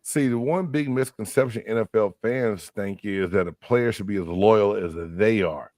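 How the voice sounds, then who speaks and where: A man, a former pro football player, talking casually and emphatically on a sports podcast, with street slang and animated outbursts. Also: lowish voice, moderate pace, no echo.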